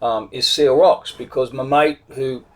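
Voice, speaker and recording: A man's voice: mid-range voice, fairly even intonation, unhurried. A middle-aged Australian man casually retelling a road trip story, rambling, with many restarts. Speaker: vlogger telling a travel story.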